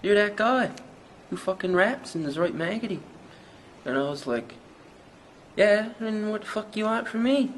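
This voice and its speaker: An actor with a Newfoundland accent playing a young small-town rapper who rambles through a hazy, profane story in an interview. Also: male voice, sits high, expressive, normal speed, pauses often, slight background noise, rough recording. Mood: rambling. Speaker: mockumentary interviewee.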